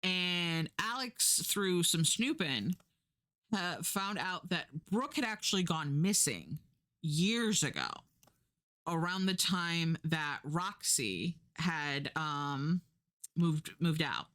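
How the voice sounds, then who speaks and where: Speaking slowly, this young woman from the US swings her fairly low pitch widely, and her voice has a slightly bright quality. She's a streamer casually retelling a story, rambling along with plenty of fillers, correcting herself, and imitating the voices of those she quotes.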